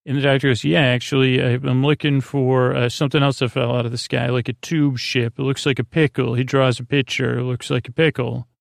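A man's voice: medium pitch, level tone, brisk, creaky, few pauses, no echo, clean studio sound. A man hosting a podcast for sleep, retelling an episode in a meandering, hesitant way, full of fillers and restarts, and quoting the characters in his own plain voice. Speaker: podcast host. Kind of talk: rambling episode recap for sleep.

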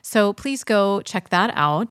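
Woman podcast host, effusive, enthusiastic, dry close sound, mid pitch. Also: expressive, takes it slowly, a bit bright, clear, resonant tone, dry recording. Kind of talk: podcast interview.

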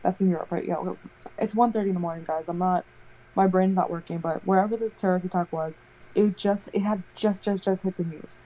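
Mellow-voiced woman telling stories. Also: on the low side, a little fast, rough recording. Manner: rambling, animated storytelling full of "like". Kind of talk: casual chat.

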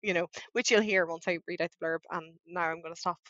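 A woman chatting casually as a book podcast co-host, animated and quick to laugh. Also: lowish voice, no room sound, lo-fi sound.

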